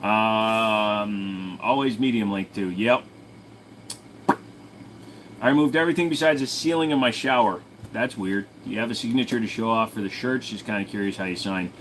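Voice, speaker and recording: A man's voice: on the low side, normal speed, noisy background. A man hosting his own channel, answering viewer questions in a rambling, crude, joking way. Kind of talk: casual livestream Q&A chat.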